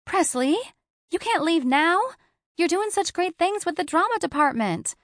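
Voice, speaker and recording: A woman voicing an upbeat female best friend, speaking in a higher, louder, emphatic tone in an audiobook. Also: expressive, moderate pace, no echo, clean studio sound. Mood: encouraging. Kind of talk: audiobook character voice.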